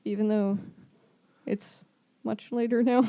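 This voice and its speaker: A woman's voice: mid-range voice, level tone, slow pace, mellow. A woman co-hosting a podcast, chatting casually about music in an offhand, swearing, laughing way. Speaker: podcast co-host.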